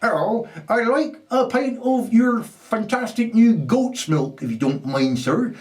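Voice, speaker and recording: A man voicing a prim, overly polite customer in a high, mannered tone. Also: expressive, unhurried, darkish tone, recorded from a distance.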